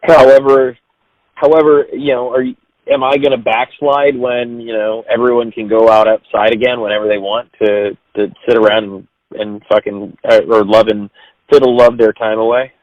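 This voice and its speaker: A man chatting casually on a podcast, relaxed and teasing. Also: mid-range voice, moderate pace, dry recording, highs cut off. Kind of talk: casual chat.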